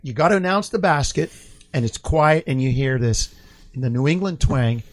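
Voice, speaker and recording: A man's voice: mid-range voice, normal speed, no room sound. A middle-aged man, a longtime basketball broadcaster, telling stories in a casual chat and acting out the quotes. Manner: animated storyteller who acts out quotes.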